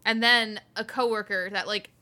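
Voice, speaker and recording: A woman's voice: medium pitch, fairly even intonation, moderate pace, sharp tone. A young woman from Buffalo with a Western New York accent, co-hosting a podcast, blunt and sassy, swearing casually. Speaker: podcast co-host. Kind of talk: casual chat.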